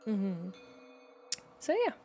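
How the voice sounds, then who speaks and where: A young woman streamer chatting with her viewers in a loose, rambling way. Her voice sits at an ordinary middle pitch, and she sounds heartfelt as she circles back on her words. Soft music plays faintly behind her. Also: expressive, very slow. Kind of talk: casual chat with viewers.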